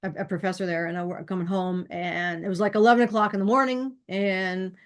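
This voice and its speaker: A woman talks straight to her viewers in a loose, rambling story. She fills it with ums and acts out little bits of dialogue. Her voice sits at a middle pitch for a woman. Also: fairly even intonation, a little fast, smooth. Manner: chatty, rambling, with frequent fillers and acted-out quotes. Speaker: channel host. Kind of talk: casual storytelling to camera.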